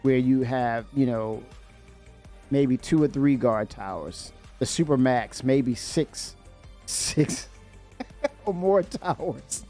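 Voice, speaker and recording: Excitable, rambling male streamer. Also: medium pitch, slow, faint music behind. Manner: excitable, rambling, laughs often, many fillers. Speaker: livestream host. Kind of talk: casual chat.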